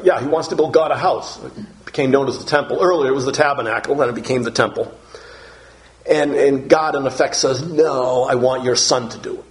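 Earnest man preaching a sermon. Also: a little high. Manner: earnest, repeats words and restarts, slows for emphasis.

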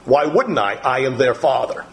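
A middle-aged pastor preaching a sermon, teaching from the Bible in a slow, deliberate way with pauses and fillers. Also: male voice, medium pitch, expressive, fairly bright tone, low-quality recording.

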